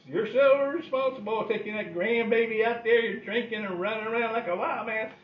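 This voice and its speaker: A man's voice: high-pitched, a little fast, distant mic, pitched above the performer's own voice, lightly acted. A man putting on the voice of his stern, scolding old grandmother. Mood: sarcastic. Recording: roomy, slightly dull recording.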